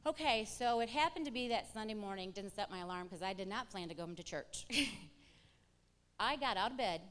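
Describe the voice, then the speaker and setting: A middle-aged woman shares her testimony before a congregation, her voice ringing out in a church hall with a long reverb. She tells it as an animated story, acting out what each person said. Her pitch sits in an ordinary middle range for a woman. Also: normal speed. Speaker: church member giving testimony.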